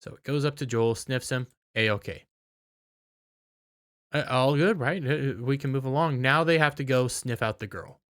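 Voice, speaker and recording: A tired man giving a casual, rambling spoken recap of a TV episode, with halting restarts. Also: medium pitch, fairly bright tone. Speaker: video reviewer.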